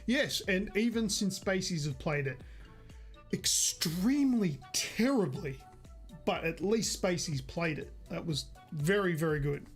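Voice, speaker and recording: A man's voice: high-pitched, lively intonation, measured pace, soft background music. A man co-hosting a gaming podcast in casual chat, rambling and correcting himself as he goes. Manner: chatty, rambling, self-correcting. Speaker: podcast co-host.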